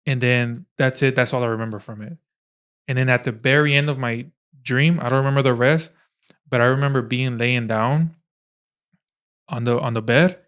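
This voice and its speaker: A young man chats on a podcast at an average pitch. He rambles through his story with fillers, restarts and a loose, casual manner. His speech sounds natural and relaxed. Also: moderate pace, smooth. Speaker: podcast host. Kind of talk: casual chat.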